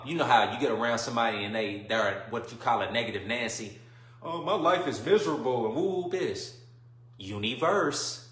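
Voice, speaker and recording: A man hosting a livestream and delivering an emphatic, preachy monologue, often checking whether listeners follow him and swinging between quiet musing and loud bursts. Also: mid-range voice, roomy sound. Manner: emphatic, keeps asking "you see what I'm saying". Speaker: livestream host.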